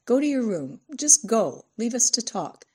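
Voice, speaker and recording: Woman reader voicing a calm husband who smooths things over; mellow, husky. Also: mid-range voice, moderate pace. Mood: gentle. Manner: reasoning, placating, sighing. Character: middle-aged husband, patient and placating.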